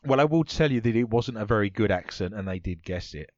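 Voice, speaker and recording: A man's voice: on the low side, lively intonation, quick pace, no echo, dull audio. A man hosting a comedy podcast quiz, playful and teasing, full of puns. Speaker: quiz host.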